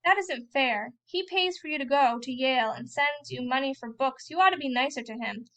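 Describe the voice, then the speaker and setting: A woman's voice: high voice, moderate pace, a bit bright. Woman reading as an eager, preachy farm boy. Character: young farm boy, eager, nosy and pious.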